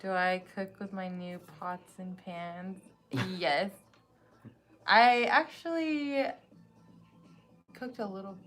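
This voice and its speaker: A woman co-hosting a casual chat, animated and swearing as she retells stories. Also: medium pitch, slow, long pauses, soft background music. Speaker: co-host.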